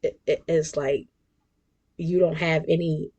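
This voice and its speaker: A woman's voice: low voice, steady tone, measured pace, mellow, dull audio. A woman, hosting her own podcast as a casual monologue that is chatty and emphatic, with laughs and whispered asides. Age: 40s. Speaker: podcast host.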